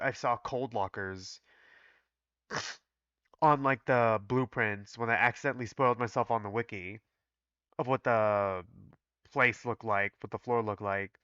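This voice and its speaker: A man's voice: medium pitch, measured pace, sharp tone, clean tone, dry recording, lo-fi sound. A man reading through a fan game and commenting casually, thinking aloud with some swearing.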